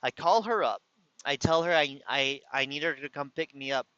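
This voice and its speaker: Bright-voiced man with a slight lisp. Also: medium pitch, moderate pace, smooth, no echo. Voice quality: slight lisp and slurred words. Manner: rambling, self-correcting. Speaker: vlogger. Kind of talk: casual venting story. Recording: dull lo-fi sound.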